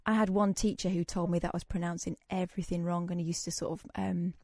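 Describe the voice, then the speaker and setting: A woman's voice: lowish voice, flat delivery, quick pace, crowd noise. Chatty woman hosting late-night radio. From Manchester, England. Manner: chatty, teasing, laughs easily. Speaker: radio phone-in host. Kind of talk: late-night phone-in chat.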